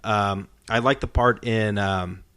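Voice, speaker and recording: A man's voice: lowish voice, fairly even intonation, slow, a bit bright, clean tone, no echo. A man hosting a casual podcast chat, talking in an earnest, rambling way as he retells scenes. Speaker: podcast host.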